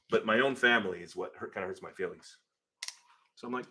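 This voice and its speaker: A man with a lowish voice hosts a live car-build stream from his home garage workshop, rambling animatedly and reading viewer names from the chat. He talks a little fast with long pauses, over slight background noise.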